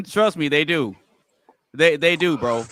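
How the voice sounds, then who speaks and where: A blunt, insistent man with a bright, forceful voice that sits fairly high. He keeps pressing his point in a casual debate, and the sound is dry and close. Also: animated, slow, no room sound. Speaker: podcast panelist.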